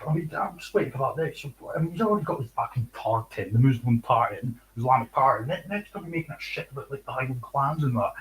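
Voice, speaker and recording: On his livestream, a young Scottish host keeps things casual but sharp, swearing, sneering, and breaking into laughter between points. He talks fast and animatedly at a medium pitch with few pauses, on a low-quality recording.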